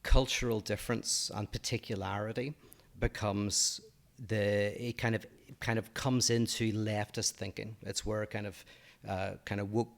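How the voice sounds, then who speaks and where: A man with a low voice talks through ideas on a podcast. He hesitates often and fills the gaps with soft fillers as he works out each thought. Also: level tone, a little slow, gravelly. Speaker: podcast co-host. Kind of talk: casual discussion of politics and philosophy.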